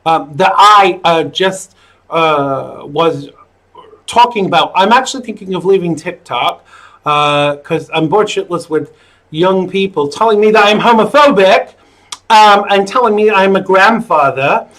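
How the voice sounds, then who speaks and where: A man in his thirties with an American accent hosts a live political call-in show from a small home studio. His voice sits high for a man, and he speaks in an opinionated, filler-laden way. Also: a little slow, a bit bright, poor audio. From United States. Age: 30s. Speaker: talk show host.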